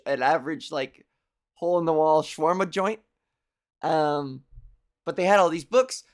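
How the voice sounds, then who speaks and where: A woman in her thirties hosting a comedy show, rambling through a loose, profane monologue, laughing at her own jokes and putting on quick silly voices. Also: low voice. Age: 30s. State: hungover. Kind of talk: loose stand-up style monologue.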